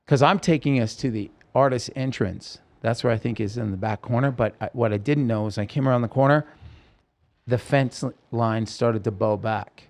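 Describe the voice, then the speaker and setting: A man's voice: medium pitch, a little mellow. A man with a mid-range voice recounts a personal story as a podcast guest. He tells it vividly and with intensity, and he acts out the lines of the people in the story. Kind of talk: personal story told in an interview.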